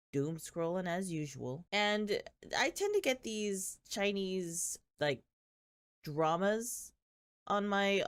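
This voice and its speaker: Sardonic low-voiced woman recapping dramas. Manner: sardonic, chatty, laughs often. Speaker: channel host. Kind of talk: casual drama recap vlog.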